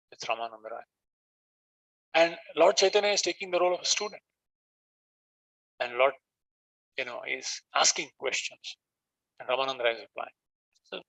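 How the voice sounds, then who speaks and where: A man's voice: mid-range voice, vocal fry, bright, forceful tone, no echo, rough recording. A man with an Indian accent giving a scripture class, retelling the story with animation and reciting Sanskrit verses. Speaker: spiritual teacher.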